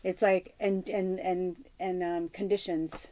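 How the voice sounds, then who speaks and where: Low, level and dark, this woman's voice moves slowly over a dry recording. In her forties, she works as a spiritual medium hosting a channel, and her casual spiritual talk wanders earnestly, with lots of fillers and false starts.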